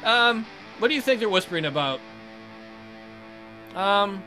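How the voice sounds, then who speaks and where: A man's voice: sits high, expressive, fairly quick, long pauses, sharp tone, soft background music. A man hosting a let's play, reading a text game aloud and chatting casually, swearing and tripping over words.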